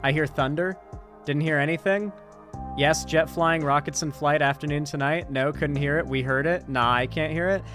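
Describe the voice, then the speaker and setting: A man's voice: a little high, fairly even intonation, normal speed, fairly bright tone. Male streamer, sore-throated, rambling and profane, light music bed. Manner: rambling, profane, sarcastic asides. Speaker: political commentary streamer. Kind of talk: casual live-stream commentary.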